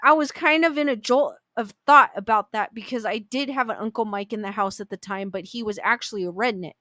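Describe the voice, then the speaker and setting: A woman's voice: fairly high pitch, brisk, sharp tone, dry recording. A woman reading online ghost stories aloud in a casual, chatty way, with little asides. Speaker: story reader.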